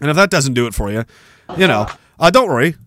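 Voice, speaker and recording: A man's voice: medium pitch, sing-song, fast talker, a bit bright. A man hosting a podcast, ranting sarcastically and with heavy profanity while commenting on news clips. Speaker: podcast host.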